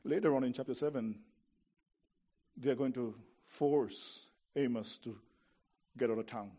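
A man delivers an expository sermon at medium pitch and a measured pace. He tells the story dramatically, swinging between hushed lines and emphatic ones.

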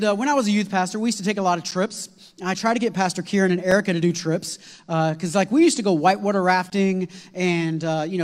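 A man preaching a sermon, telling a long story in an animated, rambling way with many fillers and restarts. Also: high-pitched. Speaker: pastor. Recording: long hall reverb.

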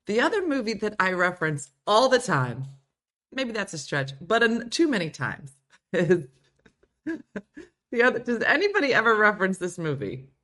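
A woman's voice: medium pitch, very animated, moderate pace, fairly bright tone. A middle-aged woman hosting a casual show, chatting and giggling as she reads viewer comments aloud. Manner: giggly, chatty, breaks into playful put-on voices. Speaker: show host. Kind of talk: casual live chat reading viewer comments.

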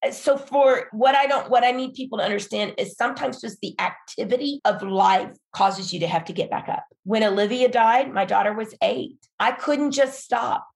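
A woman's voice: on the high side, moderate pace, creaky, few pauses. A middle-aged woman, a pastor's wife, telling her story in an earnest, emphatic, encouraging way on a faith podcast. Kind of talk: faith-based podcast conversation.

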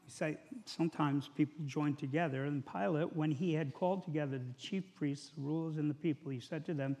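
Gravelly male preacher in an echoey hall. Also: fairly high pitch, steady tone, brisk, few pauses, darkish tone. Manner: conversational, paraphrasing scripture with acted quotes. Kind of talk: sermon.

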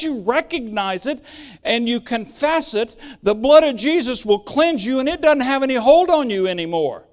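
A man's voice: very high-pitched, lively intonation, normal speed. A man preaching a sermon and explaining Bible verses, earnest and emphatic, repeating phrases for stress.

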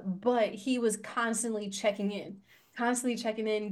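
A young adult woman co-hosting a casual podcast chat, telling a personal story in an animated way, with many fillers and frequent laughs. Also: fairly high pitch. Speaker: podcast co-host.

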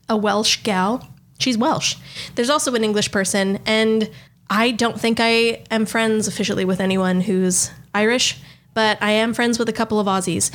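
A woman's voice: fairly high pitch, a bit bright. A woman in casual chat as a podcast co-host, rambling chattily through opinions and stories.

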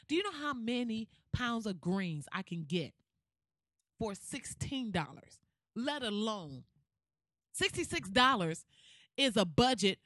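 A woman's voice: on the high side, a bit bright, no echo, studio quality. A woman ranting in exasperated, profane comic style with rhetorical questions. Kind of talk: comedic rant.

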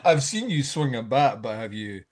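A man co-hosting a casual podcast, throwing in slow, dry joking asides. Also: medium pitch, sing-song, darkish tone. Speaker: podcast co-host. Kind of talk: casual chat.

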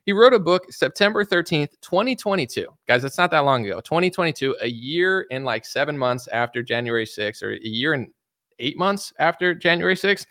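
A man's voice: on the high side, animated, brisk, sharp tone, dry recording, clean studio sound. A man giving casual political commentary in a blunt, mocking way, rambling with restarts.

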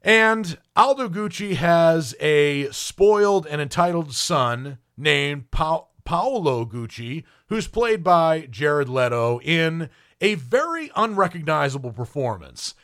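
A man's voice: on the high side, sing-song, slow pace, fairly bright tone. A man giving an opinionated spoken film review as a critic, with frequent ums and restarts.

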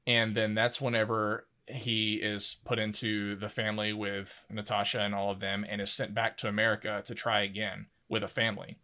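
A man's voice: lowish voice, monotone, normal speed, hardly any pauses, sharp tone. A man co-hosting a casual podcast discussion, easygoing and rambling, often laughing. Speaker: podcast co-host.

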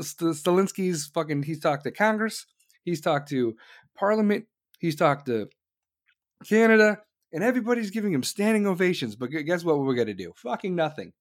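Heated, swearing man on a rant. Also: high-pitched. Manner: heated, sarcastic, swearing, with sudden loud outbursts. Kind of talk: profane political rant.

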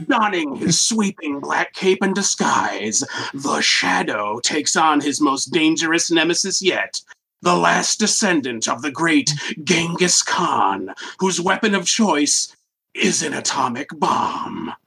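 A man putting on the voice of a dramatic male movie trailer announcer, reading in a slow, drawn-out cadence. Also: a little high, expressive, creaky, sharp tone, husky, exaggerated voice, rough recording.

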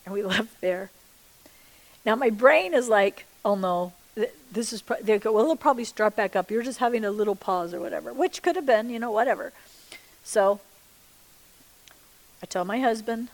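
Woman telling an animated faith testimony. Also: on the high side, normal speed, pauses often, low-quality recording. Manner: animated storytelling that acts out the dialogue; chatty, checks in with the listeners. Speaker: Christian speaker. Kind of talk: sermon-style personal testimony.

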